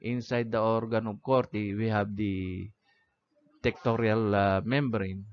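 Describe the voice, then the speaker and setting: A man's voice: on the low side, fairly even intonation, measured pace. A man teaching an anatomy lecture, often checking in with "okay?" and "no?". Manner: repeats "okay?" and "no?" checking on listeners. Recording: dull lo-fi audio.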